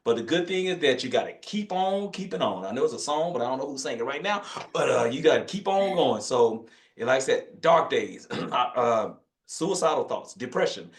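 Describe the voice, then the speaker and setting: A man's voice: medium pitch, expressive, normal speed, reverberant. A man in his fifties from Northern Louisiana with a country accent, a physician talking casually in a webinar, folksy and joking. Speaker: physician guest speaker.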